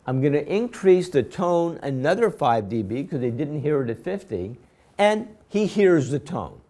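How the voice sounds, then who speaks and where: A man with a slightly high voice lectures his class. He explains each step methodically and repeats himself for emphasis. He keeps stopping to quiz his students with quick questions. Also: big pitch swings, mellow. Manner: quizzing students with rhetorical questions. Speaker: instructor.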